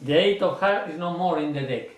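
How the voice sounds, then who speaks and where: A man with teaching a card trick, explaining in a lively, expressive way and acting out his stage patter. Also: brisk, echoey room. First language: not English. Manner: expressive, acts out his stage patter with big jumps in pitch. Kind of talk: explanatory lesson.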